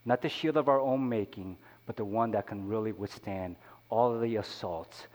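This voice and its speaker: A man's voice: fairly low pitch, normal speed, darkish tone. A man, a pastor, preaching a sermon in a conversational way, with many "you know" asides. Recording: long hall reverb.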